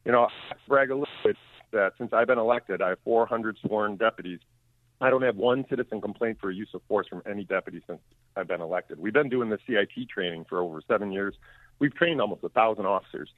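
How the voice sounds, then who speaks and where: A man's voice: lowish voice, fast talker, dry recording. A man, a county sheriff speaking firmly and plainly as a guest in a radio interview. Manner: firm, plainspoken, repeats words when emphatic. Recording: tinny phone line.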